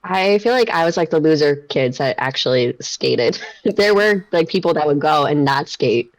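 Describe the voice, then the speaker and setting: A woman in her thirties with a very low voice and a dry, close sound. She co-hosts a casual stream, chatty and giggly, with quick asides. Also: animated, dry recording, poor audio. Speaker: streamer co-host. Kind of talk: casual chat.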